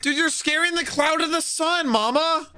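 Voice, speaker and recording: A young man hosting a casual anime reaction, talking to himself and breaking into loud excited outbursts. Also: very high voice, moderate pace, soft background music.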